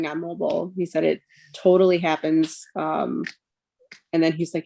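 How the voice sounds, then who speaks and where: A woman's voice: fairly low pitch, a little mellow. A woman in her thirties, a mother and podcast guest, retelling a painful personal story with lots of "like" and "um" and quoted dialogue. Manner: emotional retelling, quotes others, frequent fillers like "like" and "um".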